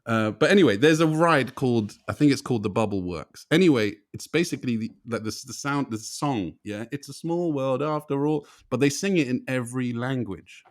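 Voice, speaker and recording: A man's voice: medium pitch, animated, a little fast, hardly any pauses. A young man co-hosting a podcast, chatting casually, swearing often and rambling through stories. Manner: swearing, laughing, rambling storytelling. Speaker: podcast co-host. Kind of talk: casual chat.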